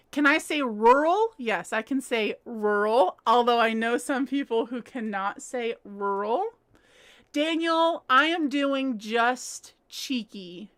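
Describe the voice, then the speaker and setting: Woman, high voice, bright tone, casual livestream chat, giggly, reads comments aloud. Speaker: livestream host. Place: at home.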